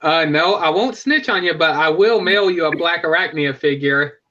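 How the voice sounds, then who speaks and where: A man hosting a casual live stream, talking with rambling enthusiasm and frequent self-corrections. His voice sits high and bright. The sound is a little dull and lo-fi. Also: normal speed, slight background noise. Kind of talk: casual fan chat.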